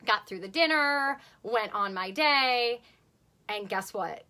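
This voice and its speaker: A woman's voice: on the high side, animated, slow pace, bright, forceful tone. A young woman vlogger telling a personal story in a chatty, casual way, full of "like" and casual swearing.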